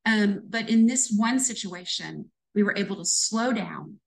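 A woman's voice: medium pitch, animated, unhurried, gravelly, low-quality recording. Brief: woman in her fifties, retired cop guest, earnest reflective storyteller, mid-range voice. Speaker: retired police lieutenant guest. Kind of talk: conversational storytelling interview.

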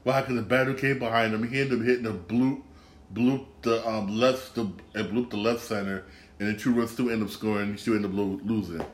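A man's voice: on the low side, fairly even intonation, brisk. A man hosting a casual solo sports podcast, rambling and repeating himself, with bursts of ranting.

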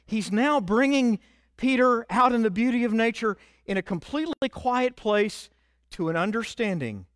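A male pastor delivers an expressive sermon, his fairly high voice swinging widely up and down. He slows and climbs in pitch to stress key words. The sound is dry and close, with no room echo. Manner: expressive preaching, slowing and rising for emphasis.

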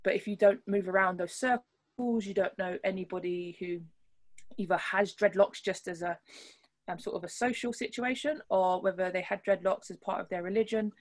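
A woman's voice: medium pitch, normal speed. A woman rugby player talking in an interview, earnest and thoughtful, often restarting her sentences as she works through a point. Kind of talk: interview conversation.

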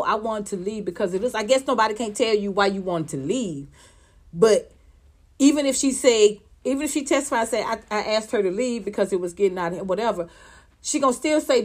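A woman giving heated celebrity gossip commentary, blunt and profane, firing off sarcastic rhetorical questions. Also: fairly high pitch.

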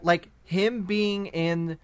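Casting: fairly high-pitched man, relaxed podcast host, lots of "like" and cursing. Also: drawn-out words, smooth, no room sound. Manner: laid-back, filler-heavy, swears. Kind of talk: casual podcast chat.

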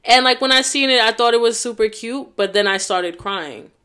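A woman's voice: a little high, moderate pace, sharp tone, clean tone. A young woman hosting a casual solo podcast, talking in a heartfelt, rambling way full of fillers. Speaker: podcast host.

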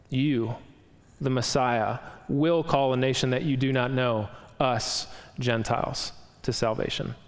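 A man's voice: mid-range voice, fairly even intonation, moderate pace, long reverb tail. A man pastor preaching an expository sermon, reading scripture aloud and explaining it verse by verse.

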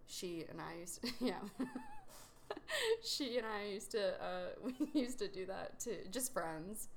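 A woman's voice: lowish voice, creaky, slight background noise. A woman co-hosting a podcast in casual chat, laughing often and swearing. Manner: giggly, swearing, chatty. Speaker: podcast co-host.

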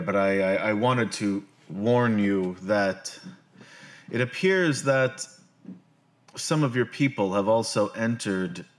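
A man voicing a halting dwarf envoy, low voice. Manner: halting, many fillers.

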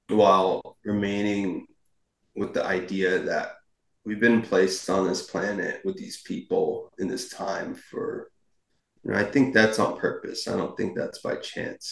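A young adult man, a guest on a podcast, talking in a relaxed, reflective and playful way. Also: deep voice, gravelly. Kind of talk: casual podcast conversation. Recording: echoey room.

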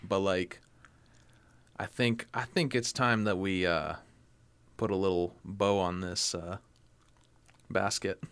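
A man's voice: sits low, steady tone, slow, long pauses, fairly bright tone, smooth, no echo. A man hosting a podcast in casual, joking chat, full of "like" and "you know". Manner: loose and jokey, heavy on fillers like "like". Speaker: podcast host.

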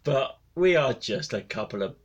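A man's voice: medium pitch, animated, moderate pace, slightly rough. A man co-hosting a casual podcast, jokey and self-mocking. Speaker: podcast co-host.

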